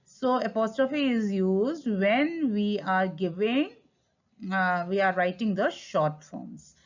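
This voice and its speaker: A woman with an Indian English accent teaches a grammar lesson in a medium-pitched voice, taking her time. She stresses key words and slips into Hindi to explain points. The recording sounds dull and lo-fi.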